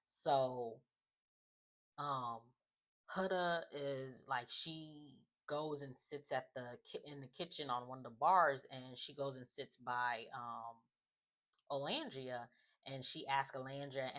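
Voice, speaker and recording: Very deep-voiced chatty woman recapping TV. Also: slow, a bit bright. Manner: chatty, opinionated, often says "just like" and "um". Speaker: reality TV recap vlogger. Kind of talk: casual show recap commentary.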